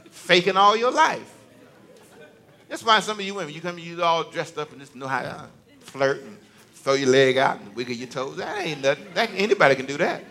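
A man's voice: a little high, animated, normal speed, bright, forceful tone, a faint crowd. A male preacher giving a conversational, joking sermon to a church congregation, teasing and talking directly to them.

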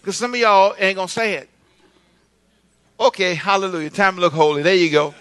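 This male pastor's sermon is conversational and built on call-and-response, with the congregation asked to repeat his words. He speaks fairly quickly in a high-pitched voice that is smooth and fairly bright.

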